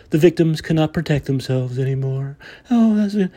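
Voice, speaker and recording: A man hosting a talk show, ranting in a heated voice with plenty of emphatic repetition. His pitch swings widely, jumping up and dropping low from one phrase to the next. His tone carries a slightly husky edge. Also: expressive, moderate pace, few pauses, mellow. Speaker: host. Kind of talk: political commentary monologue.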